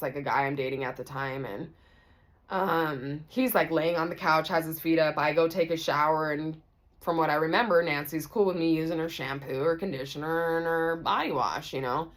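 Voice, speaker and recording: A woman telling a personal story to her viewers in a chatty vlog, full of asides. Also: deep voice. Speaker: vlogger. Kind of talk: storytime vlog, casual chat.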